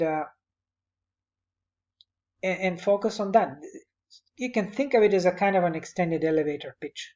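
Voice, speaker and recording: A man's voice: sits high, warm tone, highs cut off. A male instructor giving conversational, encouraging spoken feedback to a student on a presentation, speaking at his computer.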